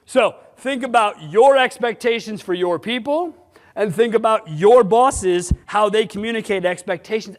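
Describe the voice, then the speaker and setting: A man giving a conference talk, blunt and animated, throwing rhetorical questions at his audience. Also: high voice. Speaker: sales management conference speaker. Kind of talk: conference presentation. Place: conference hall. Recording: long hall reverb.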